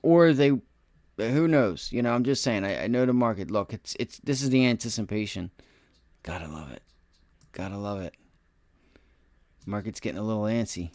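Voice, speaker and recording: At normal speed but with frequent pauses, a man hosts a day-trading livestream, speaking straight to viewers with slangy, boasting market commentary. No room sound is audible, and his volume jumps between excited bursts and low self-muttering.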